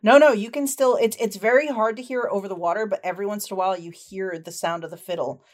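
A woman running a tabletop game as game master, describing scenes in a relaxed, chatty way with frequent fillers. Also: medium pitch, quick pace.

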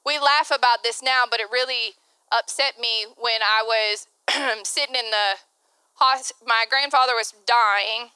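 A woman pastor delivers a candid, personal sermon, laughing often and slipping into the voices of people she quotes. Her voice sits high and bright with a smooth, clear tone. The sound is dry and close, with no room around it. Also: steady tone, a little slow, dry recording.

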